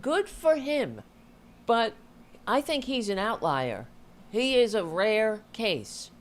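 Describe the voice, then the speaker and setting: A woman's voice: on the high side, very animated, slow pace. A woman hosting a political commentary show, reacting to clips with exasperated, sarcastic remarks.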